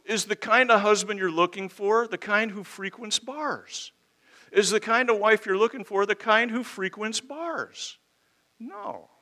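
Male preacher, bright and fairly high, emphatic and conversational, leans on rhetorical questions. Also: a little slow. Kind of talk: expository sermon.

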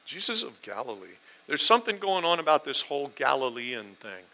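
An American male preacher, lively and questioning, with a sharp, very bright voice. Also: medium pitch, a little fast, rough recording. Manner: animated, asks listeners questions, acts out quotes. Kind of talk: sermon, Bible teaching.

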